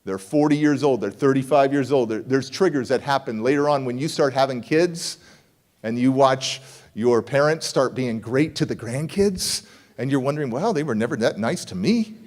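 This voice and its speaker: A man's voice: medium pitch, moderate pace, a little mellow. A man giving a motivational keynote, telling a story with punchy repeated phrases and acting out both sides of the dialogue. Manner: punchy, repeats key words for emphasis. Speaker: motivational speaker. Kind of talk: keynote speech. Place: conference hall stage.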